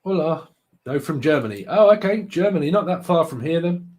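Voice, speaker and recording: A man's voice: on the high side, lively intonation, a little fast, darkish tone. A man hosting a live tarot stream, chatting casually with viewers, joking and laughing often. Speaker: tarot livestream host.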